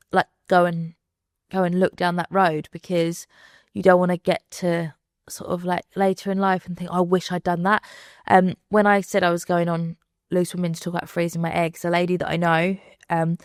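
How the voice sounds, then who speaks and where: Chatty woman, low dry voice. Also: no room sound. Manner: chatty, lots of fillers, acts out quoted voices. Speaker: podcast guest. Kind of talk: candid conversational chat.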